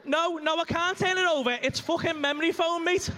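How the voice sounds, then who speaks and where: Man, very high voice, crude ranting stand-up, comedy club stage. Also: fairly quick, bright, forceful tone, slight background noise.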